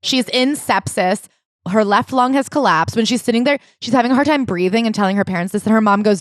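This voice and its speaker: A woman co-hosting a casual book-club podcast, retelling a story in an animated way with quoted voices. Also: fairly high pitch, fast talker, dry recording, studio quality. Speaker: podcast co-host.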